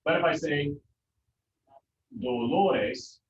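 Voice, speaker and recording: Here a man with a mid-range voice explains Spanish pronunciation to a class at a moderate pace, loosely and with many fillers. Background noise sits under an echoey, distant, dull classroom sound.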